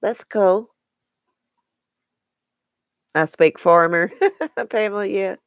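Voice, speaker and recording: A woman's voice: mid-range voice, extremely slow, clear, resonant tone, no room sound, clean studio sound. A woman with a Southern American accent hosting a casual live stream, chatting and answering viewer comments by name.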